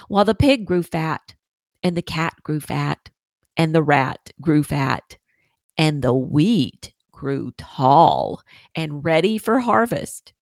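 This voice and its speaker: Expressive woman reading a children's story. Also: dry recording. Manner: expressive, sing-song storytelling with lots of pitch movement. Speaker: podcast host reading a story. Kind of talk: storybook read-aloud.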